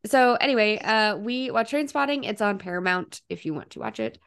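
A woman co-hosting a casual podcast chat, chatty and quick to laugh and swear. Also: medium pitch, animated, a bit bright, clear, resonant tone. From not Scottish. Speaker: podcast co-host.

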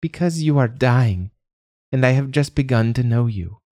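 A man's voice: medium pitch, expressive, moderate pace, mellow, dry recording, studio quality, pitched above the performer's own voice, natural voice. A man voicing a tender, sorrowful female crow queen in a spoken fantasy story.

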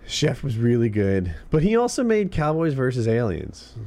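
A man's voice: medium pitch, moderate pace, dry recording. A man co-hosting a casual podcast, chatting loosely with lots of fillers. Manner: relaxed, rambling, trailing fillers. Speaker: podcast co-host. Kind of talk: casual podcast chat, reading tweets aloud.

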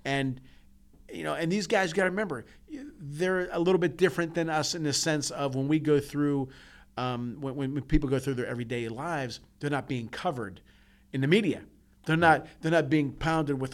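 A man's voice: on the high side, brisk. An earnest man co-hosting a podcast, telling personal stories from the heart. His talk is casual and full of restarts and repeats. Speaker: podcast co-host.

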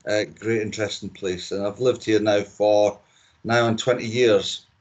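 A middle-aged man with a Scottish accent, talking as a guest on a podcast. His voice sits low, and he chats in a relaxed, opinionated way, often repeating words as he goes. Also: moderate pace. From Scotland. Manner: chatty and opinionated, with frequent repeats. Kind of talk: casual podcast interview.

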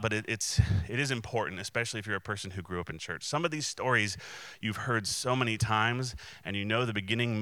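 Male pastor preaching in a loose, chatty way. Bright, clear voice, slightly low, and very dry. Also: dry recording. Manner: conversational, many restarts and fillers; acts out quoted voices. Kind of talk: sermon.

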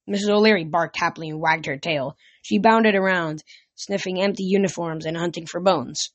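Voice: mid-range voice, moderate pace, no echo, muffled recording. An amateur reader casually reading a novel aloud, often tripping over words and correcting them. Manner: stumbles and corrects words mid-sentence.

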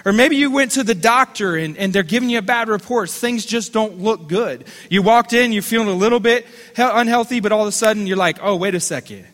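A man's voice: high-pitched, brisk, few pauses, a bit bright, big-room sound. A man preaching a sermon as the pastor of a church, calling on listeners to repeat phrases back to him. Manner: fervent preaching with call-and-response.

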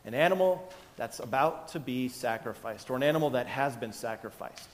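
A man's voice: medium pitch, lively intonation, fairly quick, in a large hall. A male pastor giving a conversational sermon, often restarting his sentences and chuckling. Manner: conversational, self-interrupting, chuckling.

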